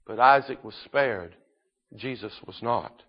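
A man preaching a sermon, moving between quiet solemn scripture reading and loud fervent exhortation. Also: medium pitch, unhurried, breathy edge, highs cut off. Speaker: pastor.

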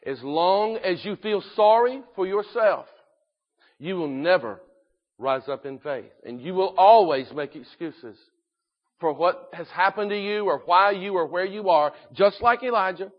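A man preaching a sermon, emphatic and repetitive, rising in force and dropping low again. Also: animated, a little slow. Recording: dull lo-fi recording.

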